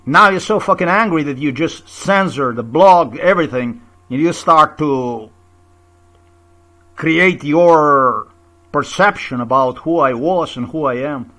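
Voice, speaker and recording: A man's voice: on the high side, measured pace, sharp tone. A man in a confrontational, repetitive video rant, full of rhetorical questions and swearing. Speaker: vlogger. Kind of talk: angry personal video rant.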